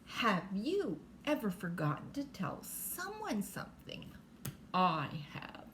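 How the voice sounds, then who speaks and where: A woman's voice: medium pitch, huge pitch swings, slow, a bit bright, a little hiss or hum. An older woman reading a bedtime storybook aloud, stopping for chatty asides to the child listening.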